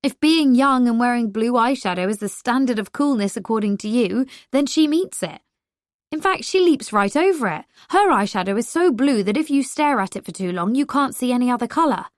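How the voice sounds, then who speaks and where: A sharp-tongued young woman teases her rival in this audiobook, voiced by the narrator. Her deadpan jabs sit a little higher and brighter than the telling around them. The recording is dry and close. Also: no echo, natural voice. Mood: teasing. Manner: teasing, deadpan, quick comebacks. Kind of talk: audiobook character voice.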